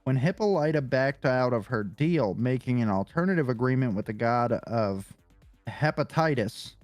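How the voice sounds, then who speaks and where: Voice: medium pitch, expressive, normal speed, a little mellow, no echo, soft background music. A podcast co-host reading a comic-book character profile aloud, casual and swearing, stumbling over hard names.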